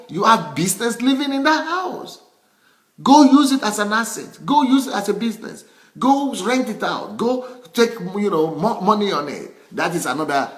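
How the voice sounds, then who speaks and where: A male pastor preaches with animated, emphatic energy and a mid-range voice. His first language is Yoruba. He restarts sentences and repeats phrases as he drives each point home. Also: medium pitch. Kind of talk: sermon.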